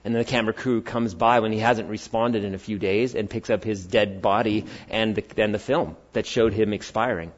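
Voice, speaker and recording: A middle-aged man preaching a sermon to a congregation, chatty and animated, telling stories and acting out quotes in changing voices. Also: on the low side, fairly quick, few pauses. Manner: animated, conversational, acts out quotes in varied voices. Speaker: pastor. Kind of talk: sermon with storytelling. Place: church hall before a congregation. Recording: slightly dull lo-fi sound.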